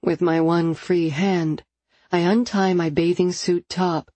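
A woman narrating a first-person romance novel in an intimate, expressive storytelling manner. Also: lowish voice, takes it slowly, no room sound. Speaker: audiobook narrator.

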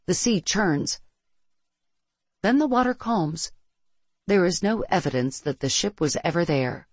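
Steady first-person audiobook narrator. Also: mid-range voice, a little slow, husky, no echo.

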